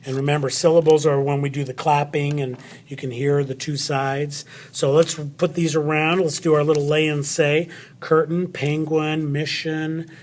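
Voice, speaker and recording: A man's voice: a little high, flat delivery, moderate pace, a little mellow. A man teaching a recorded spelling lesson to children, chatty and friendly, talking straight to his students.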